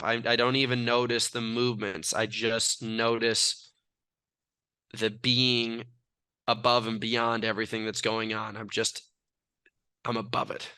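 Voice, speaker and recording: Young man from california, brash, self-assured, bright crisp voice, dry close sound. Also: medium pitch, dry recording. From California, USA. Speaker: athlete guest. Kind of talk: casual interview talk.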